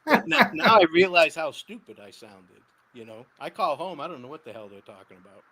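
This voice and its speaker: This is a man from Boston chatting as a podcast guest, with a voice a bit higher than most men's. He tells his stories in an animated, loose way, often laughing mid-sentence and swearing now and then. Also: brisk. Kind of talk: casual storytelling chat.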